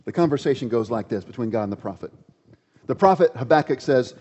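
A man preaching a sermon in a conversational, animated storytelling way, in an echoey, dull-sounding hall. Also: medium pitch, fast, breathy edge. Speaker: pastor.

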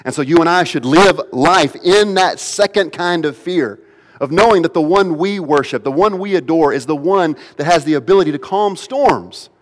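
A male pastor preaching a sermon, swinging from loud pleading to hushed, quiet passages. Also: on the high side, moderate pace. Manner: dramatic swings between loud pleading and hushed near-whispers. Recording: long reverb of a large hall.

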